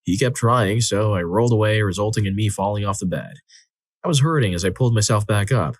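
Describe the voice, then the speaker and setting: A man reading listener stories aloud as the narrator of a compilation, in an expressive, dramatic style that acts out the quotes. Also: lowish voice, a little fast, dry recording. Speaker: story narrator. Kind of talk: scripted narration of reader stories.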